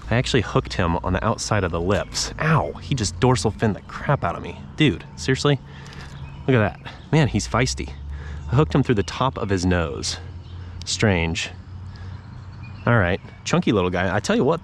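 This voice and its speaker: A man's voice: on the low side, animated, moderate pace, a little hiss or hum. A man giving casual running commentary while fishing from a paddle board on a lake, chatting to the fish and his viewers. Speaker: fishing vlogger.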